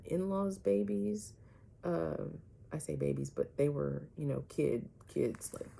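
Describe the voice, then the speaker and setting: A woman vlogger telling a personal story to her viewers, animated, often asking "right?" and dropping some words to a whisper. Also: sits low, creaky, husky.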